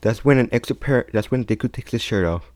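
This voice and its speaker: A young man casually retelling a fan-made story, halting often and restarting his sentences. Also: mid-range voice, a little mellow. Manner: halting, many restarts and repeats.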